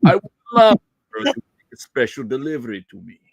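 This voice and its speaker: A man's voice: medium pitch, sing-song, creaky, dry recording, pitched below the performer's own voice. Man putting on a hammy mock-Russian admirer. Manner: hammy, drawn-out. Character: man reading a flirty note in a mock Russian accent.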